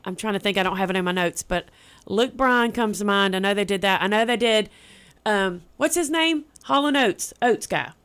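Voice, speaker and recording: A young woman, chatting as a guest on a radio show about an event she is organizing, bubbly and quick to repeat herself. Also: mid-range voice, fairly bright tone, clear, resonant tone. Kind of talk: casual radio interview.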